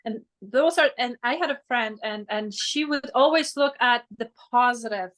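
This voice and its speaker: A woman hosting an interview, talking haltingly and searching for her words over a video call. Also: fairly high pitch, fairly bright tone. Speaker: interview host. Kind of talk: casual conversation.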